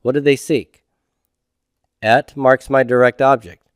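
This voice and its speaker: A man's voice: mid-range voice, fairly even intonation, a little slow, smooth, no echo, studio quality. A middle-aged man teaching a recorded grammar lecture. He patiently asks questions and then answers them himself.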